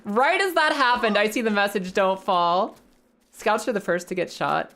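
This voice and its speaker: A woman's voice: mid-range voice, big pitch swings, fairly quick, fairly bright tone. A young woman casually chatting to her live chat while playing a game, swearing now and then. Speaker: streamer. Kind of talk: live gameplay commentary.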